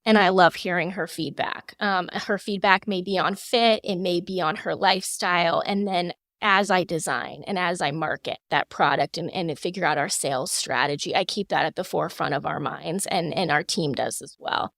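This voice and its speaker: A woman in her thirties, a fashion designer, answering interview questions in a measured, polished way with frequent fillers, close to the mic. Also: fairly low pitch, gravelly, a bit bright, no echo. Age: 30s. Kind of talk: podcast interview.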